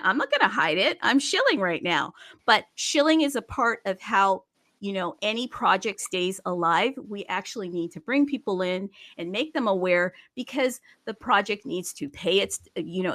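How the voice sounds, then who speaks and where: A woman with a medium-pitched voice hosts a crypto livestream, energetic and chatty as she openly pitches a wallet and marketplace.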